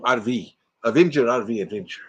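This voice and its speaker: A retired host, middle-aged or older, talks a little fast in a husky, medium-pitched voice, with the highs cut off in the recording. He jokes around and reads viewer comments aloud during a relaxed livestream from his RV.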